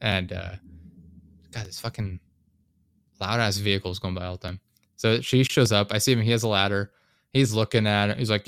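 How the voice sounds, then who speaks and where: A man's voice: on the low side, steady tone, fairly quick, smooth, no echo, studio quality. A man in casual chat, telling stories in a profane, ranting way.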